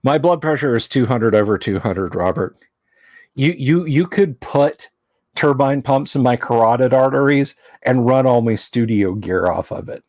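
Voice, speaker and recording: A man hosting a casual livestream from a home studio, rambling and teasing his chat, halting with fillers. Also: medium pitch, a little mellow, no echo. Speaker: livestream host.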